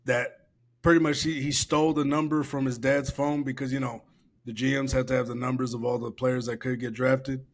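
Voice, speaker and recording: A laid-back podcast co-host in casual chat, loose and profane, laughs as he reads aloud. His mid-range voice is level in tone and brisk.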